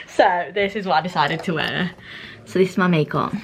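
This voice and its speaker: A woman's voice: fairly low pitch, normal speed, a little hiss or hum. A young woman in her twenties chatting casually to her phone camera, rambling with lots of ums and laughs. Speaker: vlogger.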